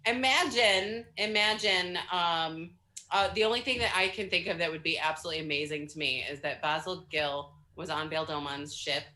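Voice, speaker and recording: A woman's voice: fairly low pitch, normal speed, bright, forceful tone. A woman guest on a casual fan panel chat, talking with enthusiasm and dropping casual swear words.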